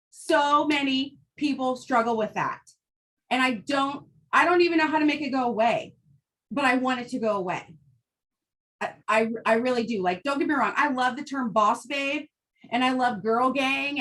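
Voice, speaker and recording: High-voiced fired-up woman giving motivational talk. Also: fairly bright tone. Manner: fired-up, emphatic, blunt with swearing. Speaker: team leader addressing women in her business.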